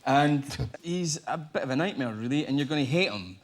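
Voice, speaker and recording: A Scottish man, an actor guest on a talk show, chatting and joking with quick, lively storytelling. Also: a little high. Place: TV studio with live audience.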